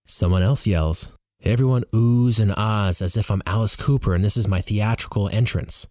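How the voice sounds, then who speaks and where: Low-voiced man reading an audiobook. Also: normal speed, no room sound, studio quality. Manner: animated, expressive reading. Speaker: audiobook reader. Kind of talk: first-person audiobook narration.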